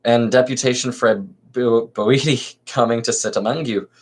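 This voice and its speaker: A man voicing a sturdy Spartan woman, reading her old dialect words slowly and carefully, sometimes stumbling. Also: mid-range voice, fairly even intonation, husky, natural voice. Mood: hearty. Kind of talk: amateur play reading.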